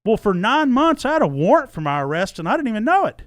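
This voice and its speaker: Middle-aged texas guy on a podcast, lively swoopy voice, kinda high, dry close mic. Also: fast talker, no room sound. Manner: animated, acts out quoted dialogue, swears freely. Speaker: podcast guest telling his story. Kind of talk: casual storytelling, podcast chat.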